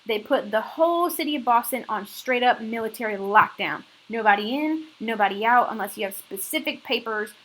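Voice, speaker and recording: Bright-voiced, slangy woman teacher. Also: on the high side, animated, a little fast, few pauses, poor audio. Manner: casual and slangy, often checking in with a tagged "okay?". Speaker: history teacher. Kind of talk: recorded classroom lecture.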